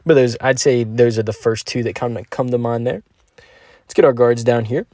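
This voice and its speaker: A man's voice: mid-range voice, fairly even intonation, moderate pace, mellow, dry recording. Chill young dude streaming a game, reads chat, hypes his plays, medium voice, dry sound. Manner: laid-back, upbeat, slangy, talks to chat. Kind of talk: live-stream gameplay commentary and chat reading.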